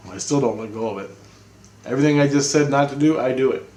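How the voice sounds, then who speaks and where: A man's voice: mid-range voice, fast, a little mellow, roomy sound. A man giving a rambling, casual spiritual monologue at home, swearing and repeating himself. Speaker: spiritual vlogger. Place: apartment, indoors.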